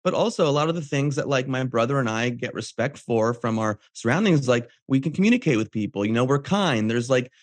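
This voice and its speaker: A man's voice: medium pitch, animated, fairly quick, few pauses, dry recording, studio quality. A man hosting a podcast interview, talking in a casual, slangy way full of fillers. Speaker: podcast host.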